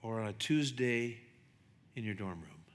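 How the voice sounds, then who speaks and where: A man preaching a sermon as a pastor, chatty and animated, acting out the voices in his stories. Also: measured pace. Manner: conversational, animated, acts out dialogue with shifting pitch. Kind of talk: sermon with storytelling. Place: church sanctuary. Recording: long hall reverb.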